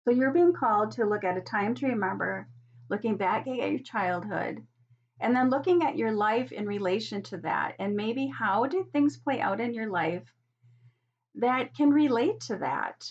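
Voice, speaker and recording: A middle-aged woman giving a gentle spiritual card reading, soft, earnest and encouraging. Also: a little high, moderate pace, slightly rough. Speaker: oracle card reader. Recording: dull lo-fi sound.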